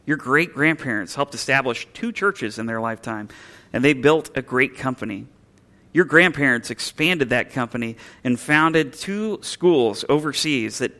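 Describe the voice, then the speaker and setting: A man's voice: mid-range voice, pushed and bright, lightly acted. A man voicing a loving father who earnestly coaches his young son during a sermon story. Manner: earnest, proud, insistent.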